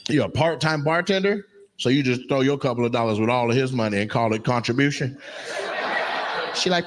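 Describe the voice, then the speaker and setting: A man's voice: mid-range voice, a little fast. A man doing stand-up crowd work, teasing audience members in brash, profane banter on a live stage mic. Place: live comedy venue. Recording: noisy live venue sound.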